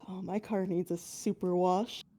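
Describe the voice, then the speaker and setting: A soft-spoken woman from Florida drawls through a casual group voice chat. She sounds a little congested from allergies. Her voice sits fairly low, mellow and dark. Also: steady tone, moderate pace. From Florida, USA.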